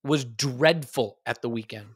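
A man's voice: medium pitch, a little slow, slightly rough, no echo, studio quality. A man hosting a football podcast, giving worked-up opinions in casual chat. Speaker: podcast host.

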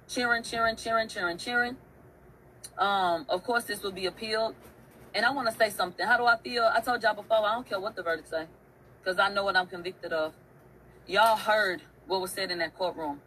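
A woman's voice: medium pitch, fairly bright tone, slight background noise, low-quality recording. A woman hosting an online show, telling a story in a casual, emphatic rant. She swears often and repeats phrases for effect.

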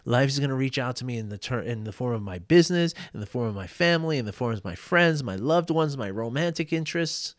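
A middle-aged male coach telling personal stories, animated, often laughing and acting out quotes. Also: mid-range voice, fast, few pauses, no room sound, studio quality. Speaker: life coach. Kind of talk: reflective storytelling monologue.

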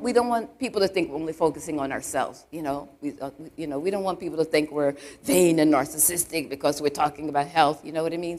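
Her voice is lowish and a little mellow as she preaches to a live congregation in church. A church elder, she delivers a chatty, conversational sermon full of "you know" asides and quiz questions for her listeners.

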